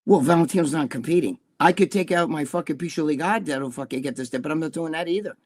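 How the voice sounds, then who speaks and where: Older man, high-pitched voice, rambling, profane, restless restarts, casual chat. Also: quick pace, darkish tone. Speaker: guest, bodybuilding columnist.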